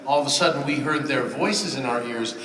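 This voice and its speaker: A man on a convention panel answering a question in a measured, earnest way. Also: medium pitch, slight background noise. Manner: measured, earnest, lets his sentences trail off softly. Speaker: voice actor panelist. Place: large convention hall. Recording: echoey hall, miked from far off.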